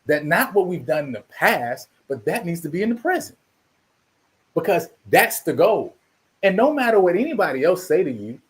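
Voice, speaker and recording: Guy ranting on his channel, high voice jumping all over, keeps repeating himself. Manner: preachy, emphatic, repeats himself. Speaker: channel host. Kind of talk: animated commentary monologue.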